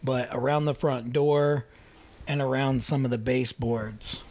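A man's voice: mid-range voice, fairly even intonation, unhurried, a little mellow. A young man hosting a casual podcast chat, joking, laughing often and swearing casually. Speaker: podcast host.

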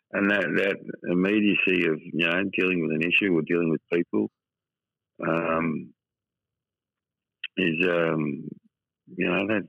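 Deep gravelly Australian man, blunt. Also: a bit bright, no echo, dull audio. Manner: blunt, repetitive, emotional storytelling. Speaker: football writer guest. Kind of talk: casual interview chat.

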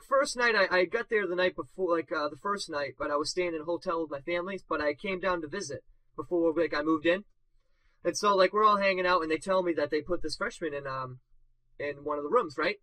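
A young man co-hosting a casual podcast, spinning long rambling anecdotes packed with fillers and bursts of laughter at his own jokes. His voice sits high and very bright. The sound is dry and close, with no room around it. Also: no echo, low-quality recording. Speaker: podcast co-host. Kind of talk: casual storytelling.

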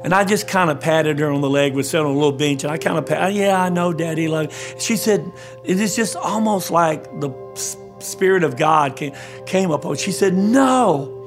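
Earnest older pastor, slightly high voice. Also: male voice, music in the background. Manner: earnest, halting storyteller who repeats words. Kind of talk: personal testimony in a podcast interview.

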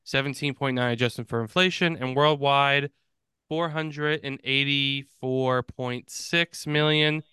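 A man co-hosting a movie podcast, chatting casually and reading out film stats with quick restarts. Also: medium pitch, sharp tone, clean tone, dry recording, studio quality. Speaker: podcast co-host. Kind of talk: casual chat.

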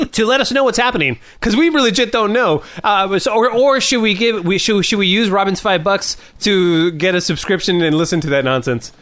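A man's voice: high-pitched, moderate pace, fairly bright tone. A man hosting a podcast in loose, joking banter, laughing often. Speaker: podcast host.

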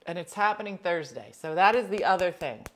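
A woman with a slightly low voice hosts a casual livestream, reading out viewer comments and answering each person by name. She talks bluntly and with a joking edge, jumping from loud outbursts to quiet asides. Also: expressive, fairly quick, slight background noise. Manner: chatty, blunt, jokey, addresses viewers by name.

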